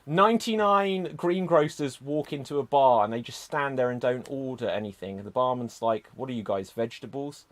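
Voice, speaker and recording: A man's voice: medium pitch, normal speed, hardly any pauses. A man hosting an improv comedy show, chatting loosely between games with plenty of fillers and asides.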